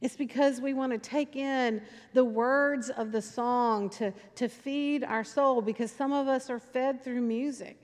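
A woman's voice: sits high, fairly even intonation, a little slow, few pauses. A woman pastor preaching a sermon in a conversational storytelling way, driving points home with emphatic repetition. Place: church sanctuary. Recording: long reverb in church sanctuary.

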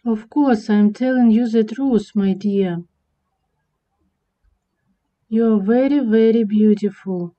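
A woman's voice: a little high, slow pace, pauses often. A woman voicing a doting cartoon husband who sweet-talks and reassures his wife. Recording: dull lo-fi recording.

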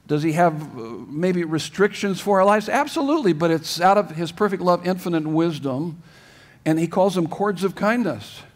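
A middle-aged male pastor preaching a sermon, emphatic, going from loud urging to soft, hushed lines and often restarting his phrases. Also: high-pitched, moderate pace. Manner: repeats words and restarts phrases. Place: church sanctuary.

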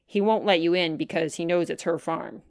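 Woman doing a gruff, serious little boy. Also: fairly low pitch, normal speed, darkish tone, no echo, studio quality, lightly acted. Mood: firm. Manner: gruff, firm.

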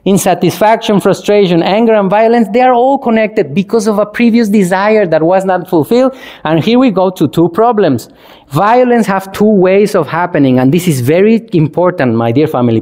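Animated monk giving a dharma talk. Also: male voice, high-pitched. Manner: animated, asks the audience questions, acts out examples. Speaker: Buddhist monk teacher.

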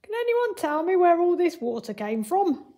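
A woman voicing an excitable man in a children's storybook read-aloud, who bellows and shouts his lines. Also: extremely high pitch, moderate pace, pitched above the performer's own voice. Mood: puzzled. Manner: bellowing, loud and emphatic.

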